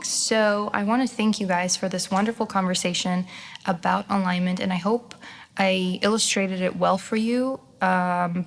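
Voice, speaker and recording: A young woman hosting a casual livestream, chatty and laughing often, swearing freely and jumping into animated quoted voices. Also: medium pitch. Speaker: podcast host and skincare business owner.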